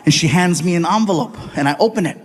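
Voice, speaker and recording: Casting: middle-aged male stand-up comic, high voice, animated storyteller with crowd work, live stage mic. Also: fast. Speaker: stand-up comedian.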